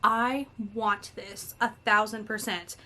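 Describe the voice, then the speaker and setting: A woman's voice: medium pitch, fairly even intonation, takes it slowly, pushed and bright. A thirty-year-old woman vlogging casually about beauty products, reading product blurbs aloud and adding chatty asides.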